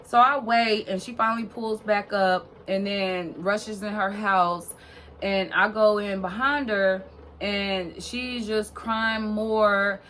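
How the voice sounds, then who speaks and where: A woman's voice: mid-range voice, fairly even intonation, takes it slowly, a bit bright, a little hiss or hum. A young woman vlogger telling a long personal story in a casual, rambling way, full of fillers and swearing.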